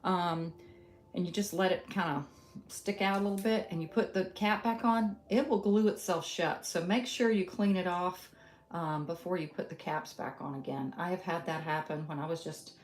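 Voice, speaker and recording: A middle-aged woman from Western North Carolina with a Southern accent, teaching a casual live painting tutorial, thinking aloud with many ums and soft laughs. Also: lowish voice, normal speed, slight background noise. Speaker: art instructor. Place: home art studio. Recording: roomy studio with guitar music behind.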